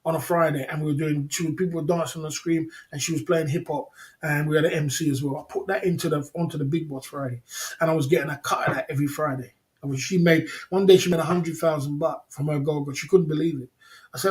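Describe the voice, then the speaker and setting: This livestream host has a voice on the high side, a steady tone, and a fast delivery. Casually rambling through a long story, he repeats himself, chuckles frequently, and talks straight to his chat.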